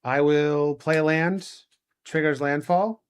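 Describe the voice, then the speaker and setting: A man co-hosting a live card game stream, calmly and matter-of-factly announcing his plays. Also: on the high side, slow pace, smooth. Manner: calm and matter-of-fact, calling game moves. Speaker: card game co-host and player. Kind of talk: casual live-stream play-by-play.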